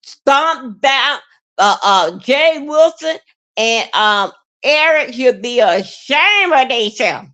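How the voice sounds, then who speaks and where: A woman hosting a livestream, rambling in a halting, repetitive way with many fillers and plenty of emotion. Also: high voice, expressive, fairly bright tone. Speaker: livestream host. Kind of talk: rambling live-stream monologue.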